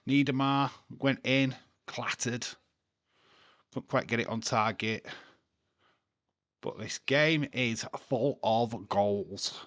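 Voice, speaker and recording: Male streamer, laid-back slow delivery, swears and laughs a lot, close dry mic. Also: mid-range voice, a bit bright, dry recording. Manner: crude, jokey, laughs often. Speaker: watchalong streamer. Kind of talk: casual live-stream chat and commentary.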